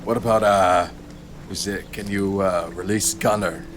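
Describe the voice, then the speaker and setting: A man playing a tabletop game, hesitant and halting as he chooses. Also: sits low, steady tone, slight background noise. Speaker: player.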